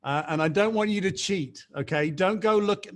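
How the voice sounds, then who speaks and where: A man's voice: sits high, normal speed. Upbeat chatty man hosting a video call. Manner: chatty, upbeat, self-mocking jokes, frequent fillers. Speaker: team call host. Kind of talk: energetic video call pep talk.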